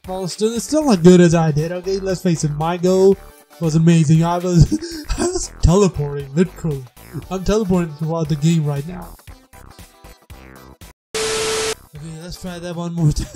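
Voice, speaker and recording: Casual gaming commentator, mid-pitched and mellow, mocks themself, squeals when surprised. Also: normal speed, long pauses, faint music behind. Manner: self-mocking, laughing, squeals in high pitch when surprised; scats beatbox sounds along with the game. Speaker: gamer and channel host.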